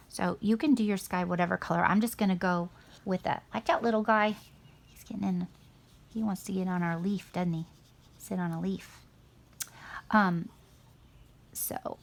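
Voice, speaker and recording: A woman's voice: fairly low pitch, vocal fry. A middle-aged woman teaching a painting lesson to children in a chatty, encouraging way. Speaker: art teacher.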